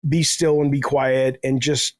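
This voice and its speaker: A man's voice: mid-range voice, flat delivery, unhurried, dry recording. A middle-aged man telling rambling, self-deprecating stories in a casual podcast chat, swearing freely. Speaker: guest, game developer.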